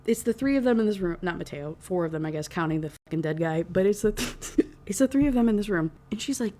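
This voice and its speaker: A woman's voice: medium pitch, animated, fast, warm tone. Exasperated young woman ranting about a book. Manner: exasperated, profane, heavy use of "like". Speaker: book reviewer. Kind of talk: casual book review rant.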